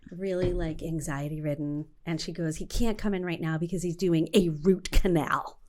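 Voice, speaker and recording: A woman's voice: low voice, normal speed. A middle-aged woman co-hosting a casual chat, telling stories and acting out the dialogue. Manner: animated storyteller acting out dialogue. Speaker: co-host.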